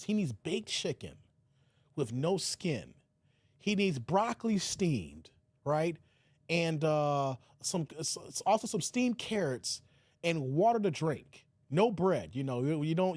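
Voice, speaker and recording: A man giving casual, teasing commentary on his own channel, slangy and quick to laugh. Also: a little high, darkish tone, slightly rough, no room sound. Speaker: YouTube commentator.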